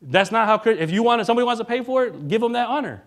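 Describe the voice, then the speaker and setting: A male minister giving a relaxed, conversational sermon, joking now and then and often checking in with the congregation. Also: very high-pitched, racing. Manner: casual and joking, keeps asking the congregation "right?".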